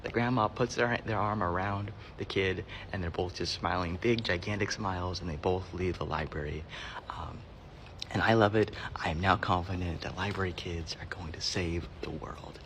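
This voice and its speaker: A man's voice: low-pitched, normal speed, a bit bright, slight background noise. A man working as a librarian, telling heartfelt stories in an earnest monologue that sometimes drops to a whisper. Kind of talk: storytelling monologue.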